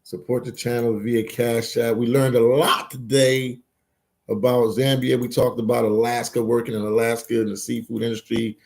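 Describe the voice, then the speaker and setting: A man's voice: medium pitch, little pitch movement, normal speed, gravelly, darkish tone. A man hosting a casual live stream, reading chat aloud and bantering, repeating words and phrases as he goes. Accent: Philadelphia.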